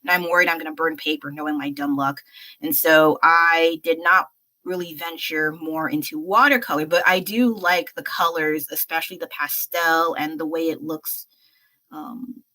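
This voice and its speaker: A woman's voice: sits low, fairly even intonation, moderate pace, pushed and bright. A young American woman livestreaming while she paints, chatting in a rambling, self-deprecating way with fillers and laughs. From United States. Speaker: livestreaming artist.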